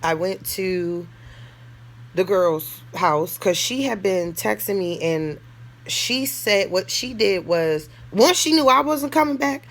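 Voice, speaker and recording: Blunt, candid woman telling a storytime. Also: lowish voice. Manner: candid and blunt, heavy slang and swearing; laughs through the telling and acts out other people's lines. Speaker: storyteller vlogger. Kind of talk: casual storytime monologue.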